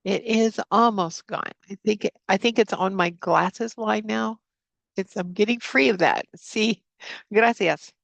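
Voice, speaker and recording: A woman's voice: mid-range voice, a little slow, gravelly, dry recording. A woman teaching a live online Spanish class, opening with a spoken prayer and then leading students through repeat-after-me drills. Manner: prays aloud, then drills vocabulary with repetition. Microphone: computer mic on a video call.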